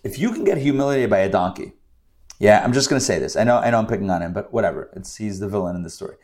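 A man's voice: lowish voice, expressive, racing, darkish tone. A man teaching a scripture lesson in a conversational way, with joking asides and phrases repeated for emphasis. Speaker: Bible teacher.

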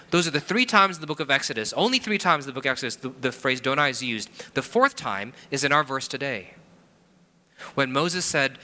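A man's voice: medium pitch, expressive, moderate pace, bright, forceful tone, big-room sound. A man preaching a sermon, walking through scripture verse by verse and acting out quotes and a family story. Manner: expository preaching with acted-out quotes and personal anecdotes. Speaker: pastor.

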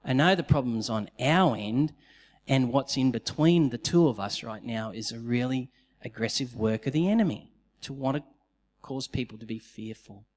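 A pastor preaching a sermon, telling the story in an animated way and acting out the quotes. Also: male voice, mid-range voice, moderate pace. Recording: long reverb of a large hall.

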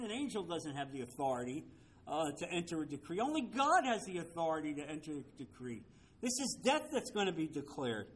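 A man's voice: fairly high pitch, a little hiss or hum. A man teaching a Bible study, emphatic, often checking with his listeners through rhetorical questions.

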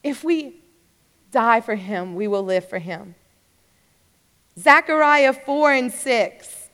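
A woman's voice: a little high, animated, takes it slowly, pauses often, fairly bright tone. A young woman preacher giving a fervent sermon testimony, rising to urgent exhortation. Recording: long hall reverb.

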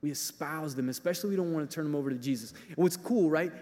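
A man's voice: on the high side, rapid-fire. Preacher man in an echoing hall. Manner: animated, acts out voices in quotes. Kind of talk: sermon.

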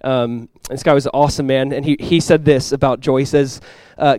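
A young man preaching a sermon as a pastor. He talks in a casual, conversational way with lots of "like," and swings from quiet, earnest lows to loud, excited highs. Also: a little fast, hardly any pauses, clean tone, dry recording. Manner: casual and conversational, with many "like" fillers.

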